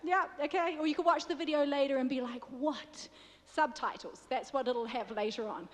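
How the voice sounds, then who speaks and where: High-voiced New Zealand woman preaching. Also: fairly even intonation, quick pace. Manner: chatty, self-deprecating, joking with the congregation. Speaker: guest preacher. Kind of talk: sermon. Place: church. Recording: long reverb of a church hall.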